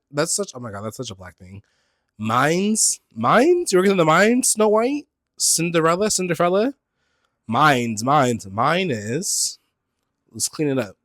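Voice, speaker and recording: Animated, scatterbrained man in his thirties. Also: on the low side, no echo, clean studio sound. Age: 30s. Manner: animated, scattered, sing-songy; campy, playful asides. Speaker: podcast host. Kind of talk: casual solo chat. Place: his apartment.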